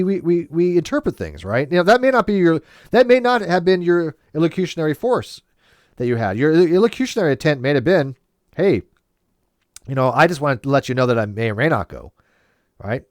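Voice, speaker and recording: A man's voice: fairly high pitch, big pitch swings, a little fast, no echo, clean studio sound. A man hosting a casual discussion, explaining ideas at length with restarts and frequent checks for agreement. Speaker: debate host.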